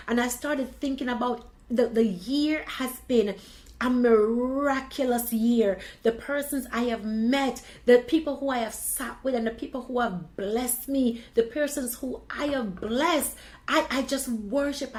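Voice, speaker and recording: Animated woman telling a story. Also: on the high side, rough recording. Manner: animated, expressive retelling with quoted dialogue. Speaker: video blogger. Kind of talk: personal storytelling.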